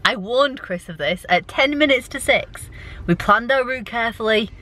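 Bright-voiced woman vlogging. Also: on the high side, animated, normal speed. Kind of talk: casual vlog narration. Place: car.

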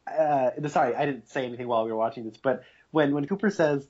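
In muffled, lo-fi podcast audio, a male co-host with a mid-range, darkish voice talks quickly and eagerly about a TV episode, rambling with plenty of fillers.

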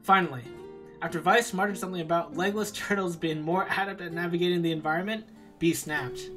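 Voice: mid-range voice, fairly even intonation, a little fast, over music, low-quality recording. A streamer reading a visual novel aloud on a live stream, with playful, self-mocking asides.

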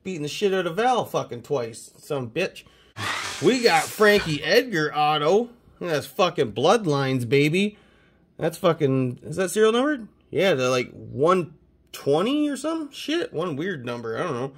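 A man from Canada hosting a casual mail-day chat about his trading cards, excitable and swearing constantly. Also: on the high side, measured pace, slightly rough. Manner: profane, excitable hype talk. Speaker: card collecting channel host.

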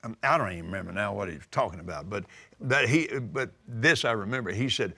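An older man preaching a sermon, emphatic and drawing out scripture quotes slowly. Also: on the low side, animated, creaky, pushed and bright. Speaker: televangelist preacher. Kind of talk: sermon-style teaching.

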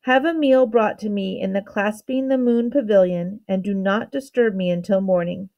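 A woman's voice: medium pitch, normal speed, darkish tone, dull audio, lightly acted. A woman reading aloud and voicing an amused, playful male king who gives orders in a teasing way. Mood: commanding. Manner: commanding yet teasing.

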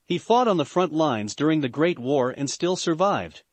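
A man voicing a blunt, outspoken young devil woman who argues forcefully. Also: fairly high pitch, animated, normal speed, no room sound. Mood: insistent.

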